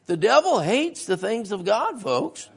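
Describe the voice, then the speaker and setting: A man's voice: sits high, very animated, unhurried, gravelly, slightly rough. A man preaching a sermon-style history lesson in a church, folksy and often asking the congregation questions.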